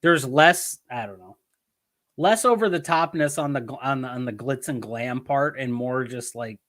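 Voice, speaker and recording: A Michigan man co-hosts a wrestling podcast, speaking in a mid-range voice at a moderate pace. In the casual chat he rambles and swears while telling stories with animated energy.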